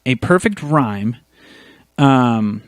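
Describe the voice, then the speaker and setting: A man co-hosts a casual podcast and walks through meter and rhyme like a teacher, checking in with "okay?" after each point. His voice sits at a middling pitch, and the recording is dry and close, with no room sound. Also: expressive, extremely slow, dry recording. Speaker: podcast co-host. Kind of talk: casual podcast chat, explaining lyric theory.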